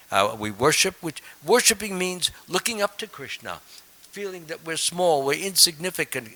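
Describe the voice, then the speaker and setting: Older male preacher, earnest sermon delivery, slightly high, bright tone, halting with fillers. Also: rough recording. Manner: earnest, repeats words, many uh fillers, light chuckles. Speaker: swami giving a Sunday feast lecture.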